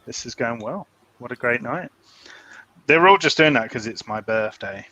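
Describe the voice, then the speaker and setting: A man's voice: mid-range voice, lively intonation, moderate pace, pushed and bright, low-quality recording. A man joking and teasing his co-hosts in a casual live stream chat. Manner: joking, teasing, laughs often.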